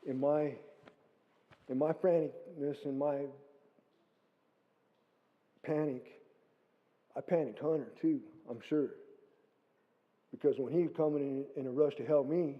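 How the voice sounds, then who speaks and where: A middle-aged man giving a guest testimony in a church hall, telling his story in a lively way and acting out what he said. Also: fairly high pitch, measured pace, pauses often. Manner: animated storytelling, acting out his own quotes. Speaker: guest speaker. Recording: phone-like lo-fi sound with long hall reverb.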